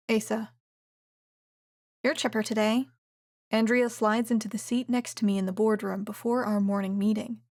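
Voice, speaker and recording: A woman reading a first-person romance audiobook in a steady, even way. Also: a little high, dry recording, studio quality. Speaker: audiobook narrator.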